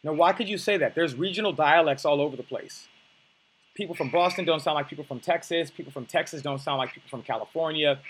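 A man's voice: a little high, fast talker, a bit bright, a little hiss or hum. A young man coaching on dating, talking bluntly and casually, with profanity and many restarts.

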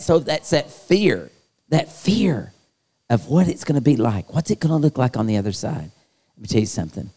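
A man preaching to a youth conference, animated and acting out the voices he quotes. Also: on the low side. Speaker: youth pastor. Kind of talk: sermon. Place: large hall at a youth conference. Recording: long hall reverb.

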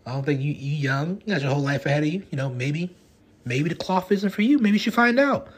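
A man's voice: a little high, animated, quick pace, slightly rough, voice pushed up. A man doing a smug laid-back priest. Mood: coaxing.

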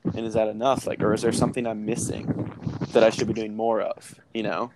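A man's voice: lowish voice, little pitch movement, a little fast, very noisy. A young man in casual faith conversation, speaking hesitantly and reflectively, often repeating words as he thinks.

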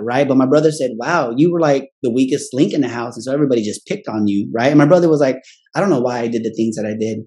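A man's voice: medium pitch, darkish tone. A man telling a candid personal story in a casual, profane way, tagging nearly every phrase with "right?" and briefly acting out family members' voices. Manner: profane and blunt; acts out family members in quick quoted voices.

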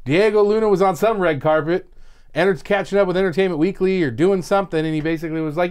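A fairly high-voiced man in casual podcast chat, telling rambling stories with frequent laughs. His talk wanders, full of restarts and asides. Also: fast talker, a little mellow, clean tone. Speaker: podcast co-host.

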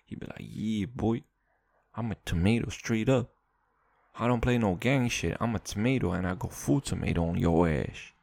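A man voicing a swaggering, tough-talking tomato with a gravelly voice and boastful bravado. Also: on the low side, normal speed, a little mellow, no room sound, voice pushed down. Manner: boastful street-style bravado.

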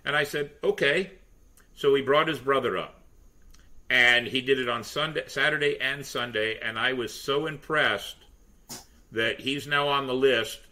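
A man's voice: medium pitch, a little slow, slight background noise. A man on a pirate-themed podcast, telling stories in casual chat and acting out the quotes. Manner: animated storyteller, acts out quotes. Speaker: pirate museum tour guide and entertainer.

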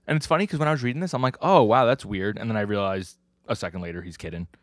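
Brief: low-pitched man, chatty podcast co-host who reads out lines in character. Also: sing-song, rapid-fire, no echo, clean studio sound. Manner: acts out quoted lines, laughs often. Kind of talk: casual chat recapping comics.

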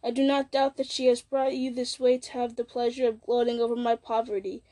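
A bitter old wizard, fallen and scornful, sneers at everyone around him, as a woman reads him aloud. His voice sits high and bright, with a mocking, resentful edge. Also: flat delivery, fairly quick, natural voice.

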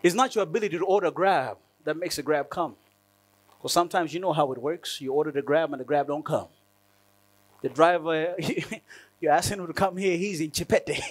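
High-voiced man preaching animatedly. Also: normal speed. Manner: animated, laughing often, acting out prayers. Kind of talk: sermon.

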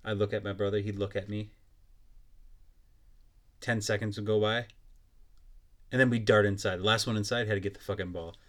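A man's voice: lowish voice, level tone, a little fast, pauses often, a bit bright. A young man hosting a podcast, ranting in a blunt, profane and mocking way. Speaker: podcast host. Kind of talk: casual solo podcast rant.

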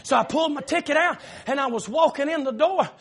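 A middle-aged man with a Southern accent preaching a sermon in church, telling a long story with frequent "uh" fillers and loud shouted peaks. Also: very high voice, fast, some chatter behind. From South Carolina.

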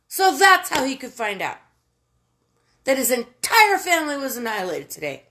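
A woman's voice: a little high, sing-song, moderate pace, fairly bright tone. A woman from the United States delivering a casual, profane political rant, exasperated and given to emphatic outbursts.

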